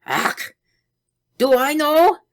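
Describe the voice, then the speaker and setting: A woman's voice: high voice, big pitch swings, very slow, pitched above the performer's own voice, exaggerated voice. A woman voicing an agitated older male scientist with a German accent, crying out in distress. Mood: anguished.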